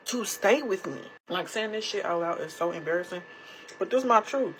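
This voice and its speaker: A woman's voice: on the low side, lively intonation, moderate pace, slight background noise, low-quality recording. A young woman sharing a personal story casually to her followers, candid and blunt, swearing freely. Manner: candid, blunt, profane, emotionally raw. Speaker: storytime creator.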